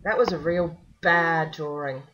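Playing an online drawing game, a gaming channel host teases and swears freely, laughing often as she chats. She speaks a little slowly in a low, steady, fairly bright voice, though the recording is muffled and has faint background noise.

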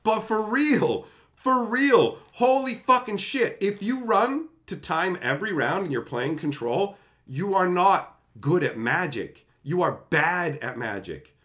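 Stream host, male, high bright voice, swearing, fiery storytelling rant. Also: expressive, measured pace. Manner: profane, blunt and fiery. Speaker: stream host and tournament organizer.

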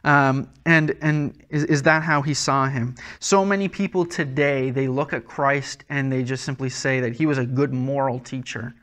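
A man's voice: mid-range voice, fairly even intonation, moderate pace, hardly any pauses, fairly bright tone. A man preaching a sermon as a pastor, earnest and conversational, often restarting his words.

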